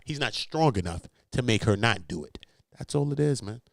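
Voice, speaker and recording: A man's voice: mid-range voice, lively intonation, a little fast, no room sound, studio quality. Brash swearing male commentary host. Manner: brash, swearing, laughing, slangy. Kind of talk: casual commentary.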